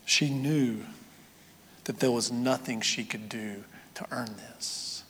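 A man preaching a sermon as pastor, moving between loud, excited storytelling and quiet, hushed emphasis. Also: medium pitch, takes it slowly, in a large hall, a little hiss or hum.

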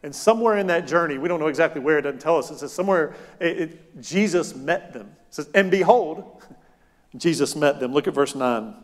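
A man preaching a sermon as pastor, animated, moving between loud emphatic lines and soft, quiet ones. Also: on the high side, a little fast. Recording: long hall reverb.

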